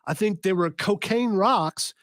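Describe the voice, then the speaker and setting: A man hosting a live talk radio show, reading news out loud and joking, stumbling over long names. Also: sits high, measured pace, no echo, clean studio sound. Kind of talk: casual live radio chat.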